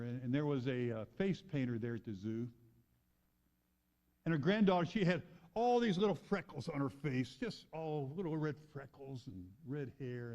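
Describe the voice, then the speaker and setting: A man pastor preaching a sermon, moving between raised emphatic lines and quiet, hushed storytelling. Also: fairly high pitch, lo-fi sound. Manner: preaching with dramatic swings from loud to hushed.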